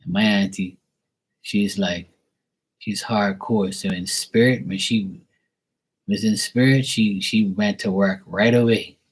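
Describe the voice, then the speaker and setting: A man with a low, husky voice gives a casual live-stream psychic reading. He talks bluntly and emphatically, swearing freely as he makes his points, with a slightly roughened edge to his tone. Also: fairly even intonation, takes it slowly, low-quality recording. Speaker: psychic tarot reader.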